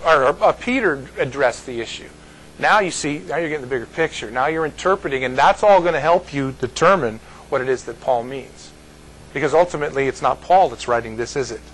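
Male pastor, casual Bible study teacher, rambling folksy delivery, slightly raised pitch. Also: fairly bright tone, slight background noise, rough recording. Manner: rambling, folksy, asks "you see?" often.

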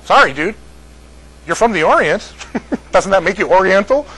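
Older American man, husky, highish voice, rambling casual storyteller. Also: expressive, moderate pace, bright, forceful tone, poor audio. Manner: rambling, repeats words, laughs at own story. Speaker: speaker addressing a group.

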